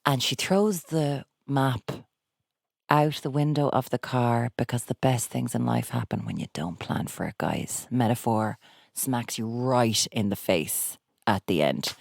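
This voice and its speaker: A woman with a Cork Irish accent, hosting a podcast in casual, animated chat with sarcastic asides. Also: a bass voice, unhurried, vocal fry, dry recording, studio quality. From Ireland. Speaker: podcast host.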